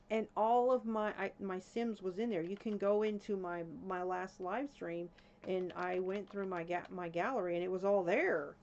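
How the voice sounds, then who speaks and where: A woman's voice: lowish voice, unhurried, dull audio, slight background noise. A woman live-streaming a game, talking to herself and her viewers as she grows alarmed, with frequent exclamations. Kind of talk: casual live-stream chat.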